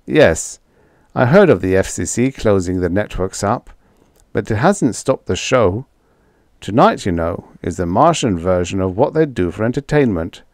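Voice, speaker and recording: A man's voice: on the low side, animated, moderate pace, a little mellow, no echo, studio quality. A man doing a wisecracking TV producer. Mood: breezy. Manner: airy, wisecracking. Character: glib young male TV producer, airy and wisecracking.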